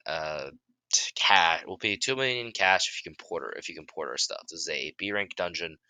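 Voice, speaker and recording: A man voicing a stern male hunter party leader in a fan-made story, speaking haltingly with restarts. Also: sits low, sharp tone, smooth, no room sound, heavily acted. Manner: halting, restarts mid-sentence.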